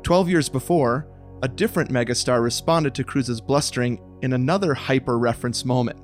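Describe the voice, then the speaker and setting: A man's voice: medium pitch, fairly quick, faint music behind. A man co-hosting a podcast who tells a rambling story full of laughs and restarts in casual chat. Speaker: podcast co-host. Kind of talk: scripted intro narration, then casual chat.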